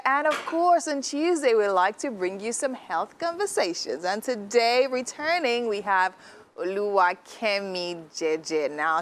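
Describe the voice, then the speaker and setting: A woman presenting a breakfast TV show in a bright, welcoming way, introducing a guest on a health topic. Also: fairly high pitch. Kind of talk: upbeat TV hosting. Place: TV studio.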